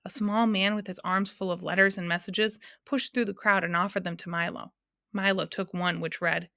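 A woman reading a children's storybook aloud in a calm, expressive way. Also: lowish voice, normal speed, vocal fry, dry recording, clean studio sound. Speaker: narrator.

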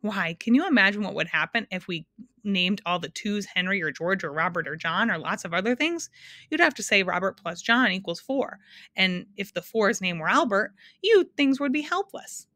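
A woman's voice: mid-range voice, animated, normal speed, pushed and bright, dry recording. A woman voicing a fussy male math creature with twelve faces, precise and lecturing in a storybook reading.

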